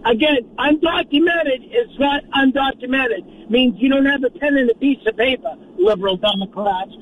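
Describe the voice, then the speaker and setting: A man's voice: very high-pitched, normal speed, distant mic. A male caller, ranting scornfully and insulting people on a talk radio call. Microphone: phone. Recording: tinny phone line with road noise.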